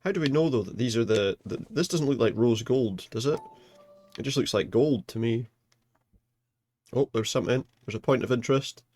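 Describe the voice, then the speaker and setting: A man chatting in a relaxed, rambling way as he streams a video game. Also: medium pitch, moderate pace, soft background music. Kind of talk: casual let's play commentary.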